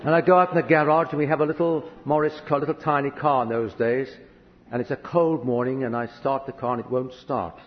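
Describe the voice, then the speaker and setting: A man's voice: mid-range voice, fairly even intonation, a little fast, a little hiss or hum. A man from a hot country preaching a sermon, telling a personal story earnestly and vividly. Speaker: visiting preacher. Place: church hall. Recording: echoey hall, dull lo-fi sound.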